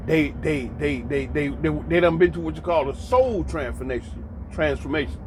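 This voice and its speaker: Animated high-pitched American man preaching. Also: moderate pace, background noise. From United States. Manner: emphatic and preachy, repeating lines for effect, mocking asides. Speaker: commentary host. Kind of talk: animated monologue commentary.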